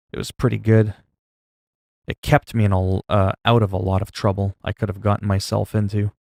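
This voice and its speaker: A man casually chatting with his stream audience, rambling with many fillers, and getting louder when he reacts in disgust. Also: no room sound, studio quality. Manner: gets loud and higher when reacting in disgust. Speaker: livestreamer.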